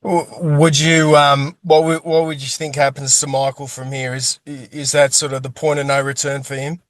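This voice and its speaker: A man's voice: mid-range voice, level tone, moderate pace, no room sound. A man hosting an interview, asking hesitant, casual questions. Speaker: interviewer, host.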